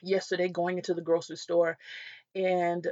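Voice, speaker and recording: A woman's voice: fairly low pitch, little pitch movement, normal speed, a little mellow, no room sound. A woman giving an earnest devotional talk, telling personal stories and acting out the voices of people she met. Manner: earnest, storytelling, acts out quoted voices. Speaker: Christian speaker. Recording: dull lo-fi dry recording.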